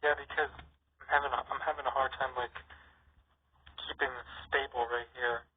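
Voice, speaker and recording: A man's voice: mid-range voice, little pitch movement, normal speed. A man narrating and voicing his own toy play story, in a rambling way with many fillers. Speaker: toy show creator and narrator. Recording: tinny phone-like lo-fi with faint hiss.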